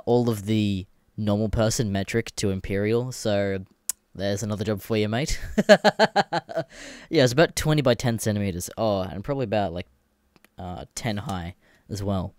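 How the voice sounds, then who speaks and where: A man's voice: fairly low pitch, darkish tone, clear, resonant tone, no room sound, studio quality. A young Australian man hosting a podcast alone, chatting in a rambling, sweary way and laughing often. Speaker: podcast host. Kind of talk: casual solo chat.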